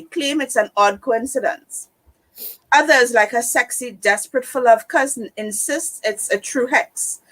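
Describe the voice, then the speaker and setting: A woman reading a book blurb aloud for a book club, steady and correcting her slips. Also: on the high side, measured pace, low-quality recording. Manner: reads steadily, fixes slips.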